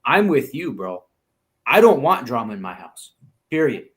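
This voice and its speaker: A man's voice: mid-range voice, big pitch swings, moderate pace, a bit bright. A man chatting on a stream, speaking emphatically and firmly about his views. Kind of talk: casual stream chat.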